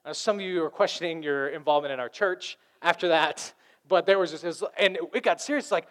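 A man pastor preaching a lively sermon, acting out the voices of arguing people. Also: high-pitched, fairly quick.

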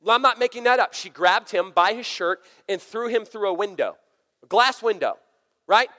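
Thirties male pastor, chatty and animated storyteller, slightly high voice, echoing sanctuary. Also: normal speed. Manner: conversational, storytelling, energetic. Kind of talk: sermon. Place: church sanctuary. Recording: long hall reverb.

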